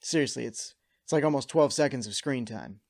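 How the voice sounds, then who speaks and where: A man's voice: mid-range voice, lively intonation, brisk, vocal fry. A man hosting a scripted cartoon episode recap, with wry, sarcastic asides. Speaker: host.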